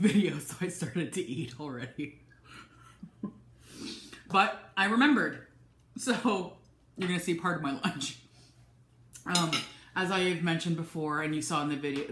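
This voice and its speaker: A woman's voice: sits low, fairly bright tone. A woman chatting casually in a food vlog from her home office, talking in a loose, chatty way with many ums and restarts. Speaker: vlogger. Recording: echoey room.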